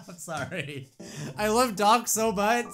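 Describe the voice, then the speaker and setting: A man hosting a casual reaction video, excitable and quick to laugh and shout. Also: sits high, music in the background. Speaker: YouTube host reacting to clips.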